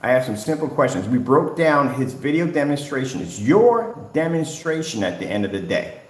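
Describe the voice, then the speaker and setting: A man's voice: medium pitch, very animated, moderate pace. A man on a livestream, confrontationally lecturing rivals in a repetitive ranting style. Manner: confrontational, lecturing, repeats "at the end of the day". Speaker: business owner ranting at rivals. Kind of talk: livestream rant. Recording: roomy echo.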